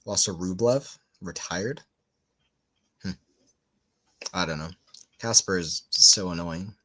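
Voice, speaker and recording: A man's voice: low-pitched, slow, sharp tone. A man giving casual live tennis commentary for a watchalong stream, just woken up, rambling into chatty asides between calls of the points. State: just woke up.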